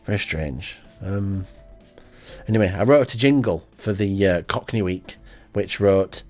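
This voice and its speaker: A man rambles through a comic monologue as the host of an amateur radio show. His voice sits fairly low, and his delivery is deadpan and hesitant, thick with ums. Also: a little slow, soft background music.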